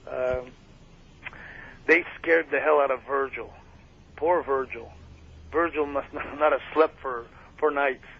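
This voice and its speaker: A man's voice: mid-range voice, fairly even intonation, slow, pauses often, breathy edge. A man guest telling wrestling stories in a loose, rambling way, full of fillers and laughter. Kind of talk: casual storytelling interview. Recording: muffled radio broadcast with faint hiss.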